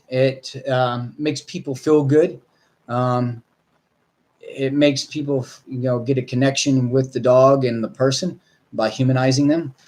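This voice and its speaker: A man, a dog trainer, talking casually to viewers in a rambling, blunt way with mild swearing. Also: mid-range voice.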